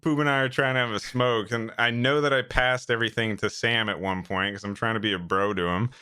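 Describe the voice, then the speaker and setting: A man's voice: lowish voice, steady tone, a little fast, sharp tone, smooth, dry recording. A man co-hosting a podcast, telling a teasing story in casual chat. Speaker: podcast co-host.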